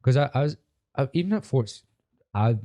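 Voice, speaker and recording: A man's voice: medium pitch, expressive, fairly quick, mellow. A young man, a podcast guest, telling stories bluntly with swearing and laughter. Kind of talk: casual chat.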